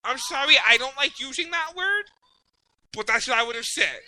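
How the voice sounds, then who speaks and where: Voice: high voice, animated, normal speed, sharp tone, no room sound, low-quality recording. A podcast host ranting in casual profane chat, rambling and apologizing as they go. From Mexican heritage.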